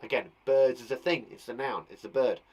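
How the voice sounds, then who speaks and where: A man's voice: medium pitch, fairly quick, a little mellow. A man teaching young children online, chatty and thinking aloud as he acts out the sounds of words. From England. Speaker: primary school teacher.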